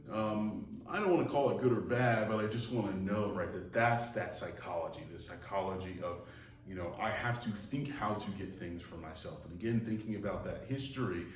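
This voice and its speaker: Male psychology lecturer, chatty and rambling, slightly low voice, faint background noise. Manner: conversational, digressive, acts out quoted voices. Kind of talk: recorded online lecture. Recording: echoey room, mic far off, faint noise.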